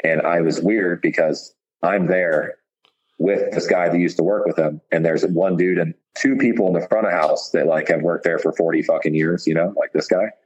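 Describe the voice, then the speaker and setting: A man's voice: low voice, steady tone, moderate pace, slightly rough, lo-fi sound. A man, a chef, telling long stories in a loose, profane way with lots of fillers. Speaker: chef, podcast guest. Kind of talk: casual storytelling.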